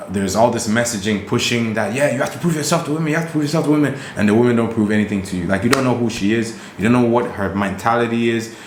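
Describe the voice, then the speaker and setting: A man's voice: lowish voice, reverberant, slight background noise. A man co-hosting a podcast in casual chat, giving emphatic, preachy dating advice. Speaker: podcast co-host.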